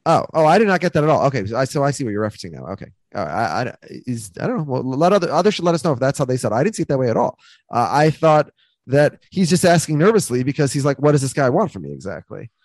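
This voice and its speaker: A male podcast co-host talks quickly, his voice springing up and down as he argues. He picks holes in the plot. The sound is dry and close. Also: mid-range voice, big pitch swings, a little mellow, no echo. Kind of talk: casual chat about a TV episode.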